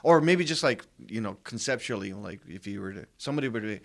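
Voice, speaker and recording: A man's voice: fairly low pitch, lively intonation, quick pace, gravelly, few pauses. A man who hosts a podcast and works as a pastor, asking loose, rambling interview questions. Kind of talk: casual interview chat.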